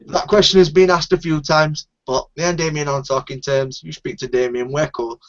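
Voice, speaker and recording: A man's voice: a little high, flat delivery, fairly quick, a bit bright. A man from northern England, host of a casual live group chat, talking bluntly and swearing freely. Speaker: show host. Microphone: video call. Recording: dull lo-fi online call audio.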